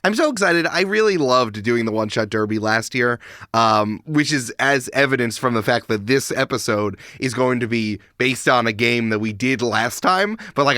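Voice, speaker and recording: A man in his thirties co-hosting a tabletop game podcast, talking in an excitable, upbeat way. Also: medium pitch, no room sound, clean studio sound. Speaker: podcast co-host. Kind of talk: casual chat.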